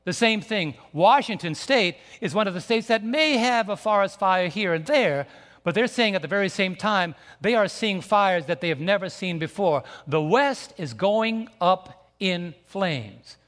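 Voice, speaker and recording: Male pastor, high voice, emphatic repetitive sermon delivery, long church-hall reverb. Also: lively intonation, unhurried, fairly bright tone. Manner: emphatic, repetitive preaching with restarts. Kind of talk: sermon with slides. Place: church sanctuary.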